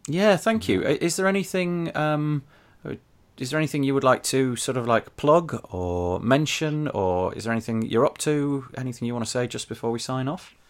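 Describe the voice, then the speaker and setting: A man co-hosting a podcast, chatting casually and laughing easily, with lively jumps in pitch. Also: normal speed. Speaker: podcast co-host.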